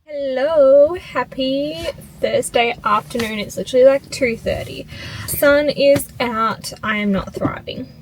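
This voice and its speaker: A woman's voice: sits high, unhurried, a little hiss or hum, low-quality recording. A young woman, talking in a casual, emotional, rambling way to her phone camera. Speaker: vlogger. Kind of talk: casual vlog chat.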